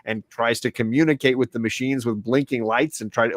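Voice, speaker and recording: A man's voice: mid-range voice, brisk, few pauses, no room sound, studio quality. A man hosting a casual comics podcast, chatting loosely and acting out characters' lines in playful voices. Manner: animated, acts out characters' lines in silly voices. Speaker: podcast host.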